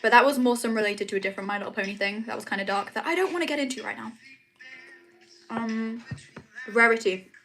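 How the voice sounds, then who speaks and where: Chatty young woman, fairly high. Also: fast, pauses often, fairly bright tone, soft background music. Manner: chatty, rambling, says "like" and "um" often. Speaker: streamer. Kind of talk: casual chat livestream. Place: room at home.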